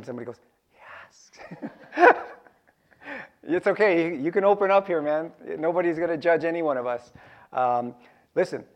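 A man preaching a sermon to his congregation, lively and jokey, repeating key phrases for emphasis. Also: on the high side. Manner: animated, joking asides, repeats key phrases. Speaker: pastor.

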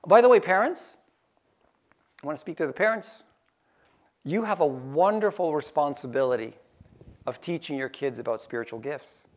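A man preaching a sermon to his congregation, lively and jokey, repeating key phrases for emphasis. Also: fairly high pitch, normal speed, pauses often. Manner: animated, joking asides, repeats key phrases. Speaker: pastor.

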